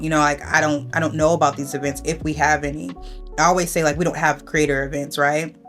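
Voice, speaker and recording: A woman's voice: deep voice, fairly bright tone. A young woman content creator giving a casual, heartfelt vlog update, chatty and reflective with lots of ums and asides to herself. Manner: chatty, heartfelt, many ums and self-talk.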